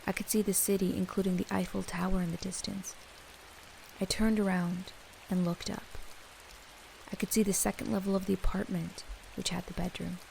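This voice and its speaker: Young woman narrator with a gravelly edge, steady read of a creepy story. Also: medium pitch, moderate pace, pauses often, a little hiss or hum, rough recording. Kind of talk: scripted first-person horror narration.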